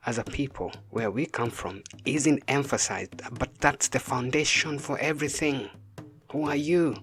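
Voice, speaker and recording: Casting: African man, spiritual teacher, preachy, presses the point with repeated rhetorical questions, soft music underneath. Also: medium pitch. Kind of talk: impassioned spoken message.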